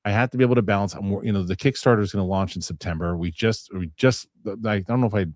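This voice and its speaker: A man's voice: fairly low pitch, fast talker, darkish tone, dry recording, studio quality. A middle-aged man hosting a casual chat show, rambling with restarts and acting out other people's lines. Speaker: host.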